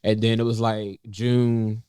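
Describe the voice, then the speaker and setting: A young man speaks in a low, smooth, resonant voice, recorded close and dry with no room sound. He talks casually and haltingly, full of fillers and restarts. He lifts his pitch when he quotes himself. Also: level tone, warm tone, dry recording. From North Carolina, USA. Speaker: podcast co-host sharing a personal story. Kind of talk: casual heartfelt conversation. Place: indoors in a cafe.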